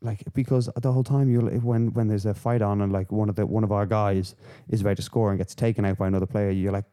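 A man hosting a podcast, rambling through casual, sweary, animated rants. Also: lowish voice, fast talker, clean tone. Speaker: podcast host. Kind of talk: casual chat.

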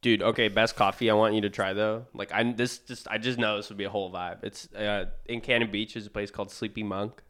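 A man's voice: on the low side, level tone, brisk, few pauses, fairly bright tone. A young man co-hosting a podcast, chatting casually in a laid-back, slangy way. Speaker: podcast co-host. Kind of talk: casual chat.

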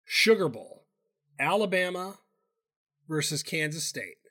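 A man's voice: on the high side, big pitch swings, measured pace, sharp tone. A man co-hosting a casual sports betting chat, loose and profane, rambling with restarts. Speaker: podcast co-host.

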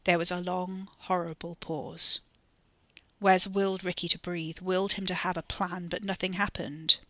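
A narrator and author reading a scripted horror story with steady, varied emphasis on a close mic. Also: mid-range voice, moderate pace, dry recording.

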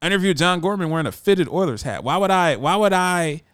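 A man's voice: high voice, lively intonation, quick pace, a bit bright, dry recording, clean studio sound. A man who hosts a radio show, talking in a brash, emphatic casual monologue.

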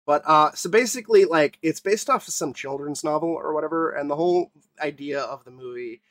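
Young man, podcast co-host, ranting, swears a lot, stumbling restarts, slightly high voice, dry sound. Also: a little fast, a bit bright, dry recording. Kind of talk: casual podcast chat.

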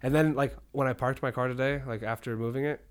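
A man co-hosting a podcast, telling a story in casual, profane, rambling chat that grows loud and heated. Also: mid-range voice, fairly even intonation, quick pace, clean tone. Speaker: podcast co-host.

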